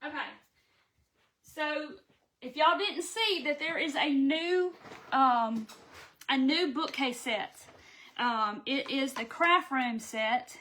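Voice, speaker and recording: A woman's voice: sits high, slow pace, long pauses, pushed and bright. A woman hosting a casual craft live stream, chatting, greeting viewers by name and laughing often. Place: home craft room.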